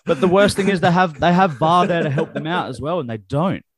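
A man's voice: on the high side, brisk, crowd noise. A man co-hosting a casual football chat, blunt and profane, given to heated rants. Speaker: podcast co-host.

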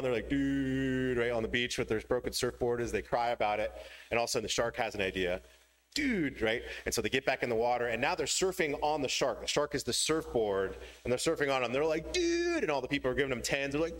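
A man's voice: medium pitch, fairly bright tone. A man giving a sermon to a congregation, telling a story with playful voice changes. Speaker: pastor. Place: church hall before a congregation.

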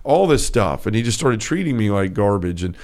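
A man's voice: lowish voice, sing-song, a little fast, darkish tone. A man co-hosting a Catholic talk show, telling a personal story in an earnest, casual way with frequent restarts. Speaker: podcast co-host. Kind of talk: casual faith discussion.

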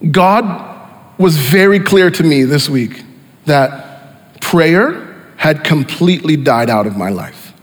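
A pastor preaching a sermon with emphatic repeated phrases, dropping quieter for scripture. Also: male voice, on the high side, expressive, takes it slowly, long pauses, big-room sound.

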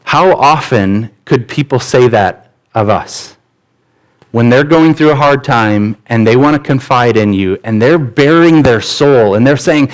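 A man's voice: mid-range voice, expressive, measured pace, rough recording. Male pastor, conversational sermon, candid and casual, mid-range voice.

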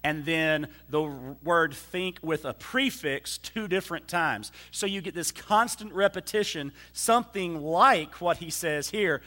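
A male pastor teaching from a church pulpit, his voice bright and slightly high. He works through the text slowly with fillers and restarts, then speeds up to read the scripture aloud. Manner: reads scripture quickly, then slows to explain. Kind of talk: sermon.

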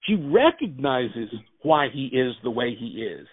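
A man, an actor and writer, telling animated anecdotes in a casual interview. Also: mid-range voice, measured pace, slightly rough, no room sound. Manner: animated anecdotes, acts out quotes. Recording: tinny phone-like line, dry.

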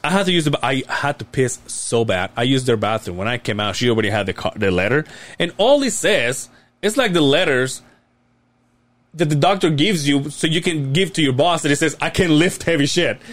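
A man's voice: mid-range voice, lively intonation, a little fast, fairly bright tone. A man in his late thirties hosting a podcast, telling a long, rambling story in casual chat and swearing freely. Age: late 30s. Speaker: podcast host.

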